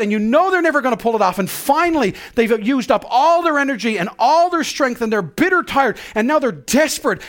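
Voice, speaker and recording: A male pastor preaching a sermon in an earnest way, dropping to a hush and rising to loud cries. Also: extremely high pitch. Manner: earnest, swings from hushed to loud.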